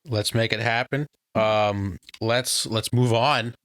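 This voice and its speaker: A man's voice: on the low side, fairly even intonation, slow pace, fairly bright tone, no echo, clean studio sound. A man co-hosting a comedy podcast, easygoing and chatty as he leads the segments. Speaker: podcast co-host. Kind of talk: casual chat.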